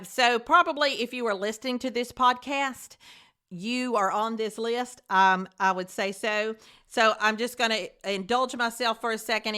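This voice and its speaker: A woman's voice: mid-range voice, bright, forceful tone, clear, resonant tone. A middle-aged woman voice teacher hosting her podcast, giving heartfelt, effusive thank-yous. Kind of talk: podcast monologue.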